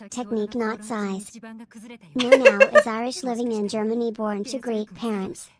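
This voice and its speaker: A female text-to-speech voice reading out viewer messages in a flat synthetic delivery. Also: on the high side, normal speed, over loud music.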